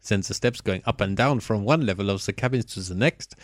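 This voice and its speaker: A man's voice: on the low side, a little fast, dry recording, clean studio sound, close to an everyday voice. A man putting on a mock French accent to voice a pompous male film critic with grand, lofty phrasing. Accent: put-on French.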